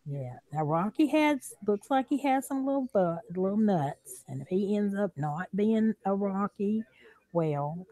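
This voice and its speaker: A woman's voice: medium pitch, animated, unhurried, warm tone. A woman with a Southern accent, hosting a casual livestream chat from home, talking in a loose, drawling way and laughing often. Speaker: livestream host.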